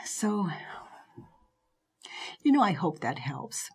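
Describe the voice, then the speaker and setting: A woman giving a reflective spiritual teaching talk in a slow, gentle way that often drops into soft whispers, heard as a played clip from an online video. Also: lowish voice, lively intonation, slightly rough.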